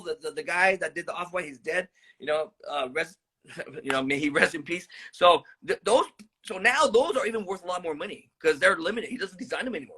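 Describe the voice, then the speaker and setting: A man's voice: high voice, bright, forceful tone, slightly rough. A man hosting a live stream about trading stocks, talking loosely to viewers, rambling, swearing and calling them "guys".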